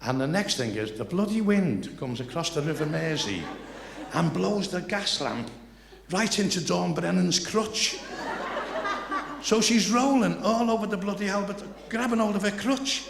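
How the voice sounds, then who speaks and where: An older man with a Liverpool accent telling rambling, salty anecdotes live on stage, building excitement toward each punchline. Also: high voice, measured pace, gravelly. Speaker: comedian telling stories. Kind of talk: live stand-up storytelling. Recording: echoey live venue, faint noise.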